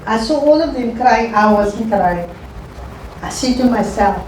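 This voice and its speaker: A middle-aged woman, an interview guest telling her life story in a halting, emotional way and repeating phrases. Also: fairly high pitch, animated, a little mellow. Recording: echoey room, voice far from mic, faint noise.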